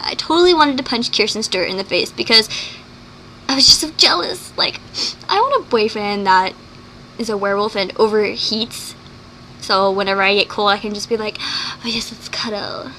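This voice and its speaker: Excitable, bright-voiced woman vlogger. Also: a little high, a little hiss or hum. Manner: fast, gushing, full of "like"; excitable, acts out quoted lines. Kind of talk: casual vlog chat reviewing a movie.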